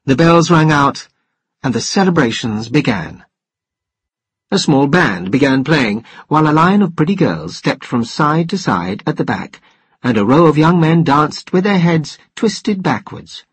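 A man narrating a novel in steady, even storytelling, with a husky voice. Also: on the high side, measured pace, no echo. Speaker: audiobook narrator. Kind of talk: scripted narration.

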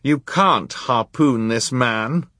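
A man's voice: medium pitch, slow, bright, forceful tone, no echo, clean studio sound, voice pushed up. A man voicing a brave, bookish boy who speaks firmly in a storybook reading.

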